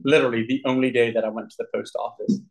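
A man sharing his personal recovery story with a group, earnest and candid, with frequent throat clearing. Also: mid-range voice, level tone, quick pace, poor audio.

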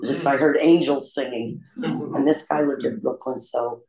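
A man candidly telling his own recovery story in a confessional, self-deprecating way, with frequent pauses and "um" fillers. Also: mid-range voice, vocal fry, darkish tone. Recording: roomy echo.

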